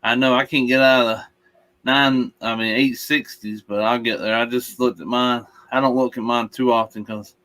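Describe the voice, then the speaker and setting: A man's voice: mid-range voice, steady tone, normal speed, a bit bright. A man co-hosting a live stream, talking in an easygoing, rambling way. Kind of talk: casual live stream chat.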